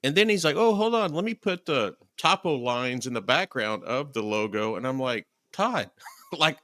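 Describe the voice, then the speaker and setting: A talkative man hosting a podcast interview. His voice is bright and forceful, recorded dry and close with little room sound. He tells stories with animated energy, acting out quotes. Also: mid-range voice, moderate pace, dry recording. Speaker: podcast host. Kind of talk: casual interview chat.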